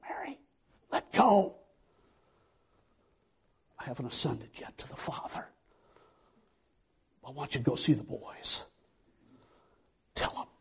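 A man voicing a gentle risen teacher, speaking softly and tenderly. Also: medium pitch, big pitch swings, slow pace, long pauses, slightly rough, exaggerated voice. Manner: soft, hushed, half-whispered.

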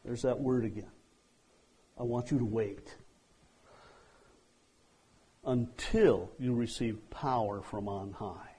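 A man preaching a sermon, slow and deliberate, acting out quoted dialogue and letting lines trail off softly. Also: medium pitch, husky, low-quality recording.

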